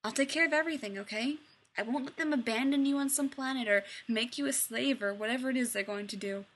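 A woman reading a story aloud, voicing an irritable, sharp-tongued male scientist who bursts out loudly. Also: fairly high pitch, fast. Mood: reassuring. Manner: exasperated, loud outbursts.

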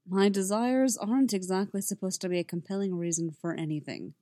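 A woman voicing a weary, troubled grown man who speaks in a low, quiet, measured way. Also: no echo, studio quality, close to an everyday voice. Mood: resigned.

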